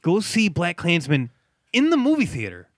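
A man hosting a podcast, chatting casually about movies, emphatic and quick to laugh. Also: sits high, wildly swooping pitch, no room sound, clean studio sound. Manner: emphatic, laughs often, urges listeners. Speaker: podcast host.

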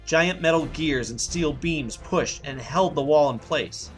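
A man narrating an action story in a steady reading voice. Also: on the high side, unhurried, faint music behind.

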